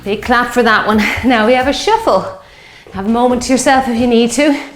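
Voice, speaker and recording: A woman's voice: a little high, fairly quick, noisy background. A woman, leading a fitness class with encouraging, upbeat cues and getting a little out of breath. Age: 50s. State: out of breath at times. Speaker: fitness instructor. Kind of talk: workout class instruction. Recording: echoey room with workout music.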